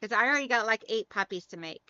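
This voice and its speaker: A woman's voice: a little high, lively intonation, fast, pushed and bright, dry recording, lo-fi sound. A woman hosting a casual live stream, reading out viewer comments and answering in a friendly, chatty way. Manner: friendly, calls viewers girl.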